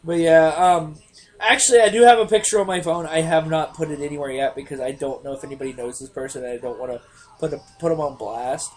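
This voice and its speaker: A young man co-hosting a casual podcast, telling profane stories with lively put-on voices. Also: on the high side, quick pace. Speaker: podcast co-host. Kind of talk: casual chat.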